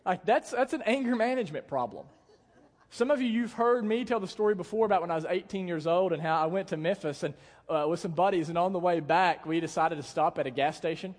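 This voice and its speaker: A young pastor with a high, fast voice preaches a sermon in a church hall, telling the story casually with jokes and acting out the quotes. The recording carries a long hall reverb.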